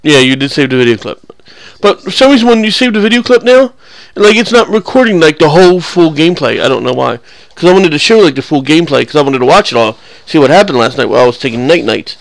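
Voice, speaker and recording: Gravelly man rambling over game clips. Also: fairly high pitch, lively intonation, fast, few pauses, no echo. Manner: rambling, joking, crude, with frequent restarts. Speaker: gameplay commentator.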